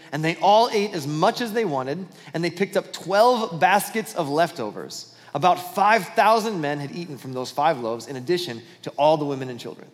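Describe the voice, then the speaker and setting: A man's voice: sits high, big-room sound. A man preaching a sermon as pastor, telling a Bible story with acted-out dialogue and frequent restarts.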